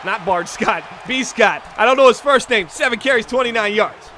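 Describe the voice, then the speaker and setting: A man hosting a live stream, calling video game plays with excitable commentary that breaks into hollers on big moments. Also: very high-pitched, normal speed, background noise. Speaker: stream host and play-by-play commentator.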